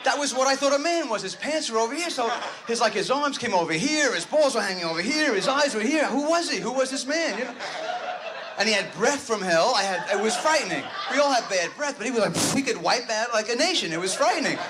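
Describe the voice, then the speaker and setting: A man's voice: very high-pitched, animated, fast talker, background noise. A man doing a rambling, neurotic stand-up comedy routine, interrupting himself. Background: audience laughter.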